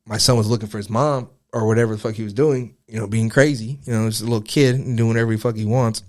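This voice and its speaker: A man's voice: lowish voice, fairly even intonation, fast, darkish tone. A young man, a podcast guest, telling a story in casual, profane, rambling talk full of filler words.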